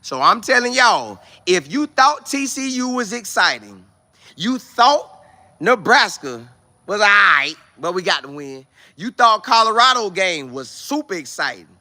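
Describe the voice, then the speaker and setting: A man vlogging outdoors with no studio, talking sports in an excitable, repetitive way full of preacher-like exclamations. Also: high voice, unhurried. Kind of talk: casual hyped-up monologue to camera.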